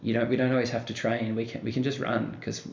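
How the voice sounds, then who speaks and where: Male podcast host, chatty and easygoing, gravelly voice, dull roomy recording. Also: medium pitch, flat delivery, quick pace, a little mellow. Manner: chatty, laughs easily, leads the talk. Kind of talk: casual chat. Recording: dull echoey room recording.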